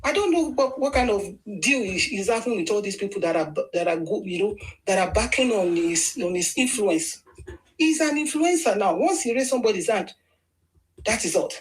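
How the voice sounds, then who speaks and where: Nigerian-accented woman, mid-pitched, opinionated political commentator, emphatic and repetitive. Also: animated, normal speed, rough recording. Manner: emphatic, argumentative, repeats phrases for stress.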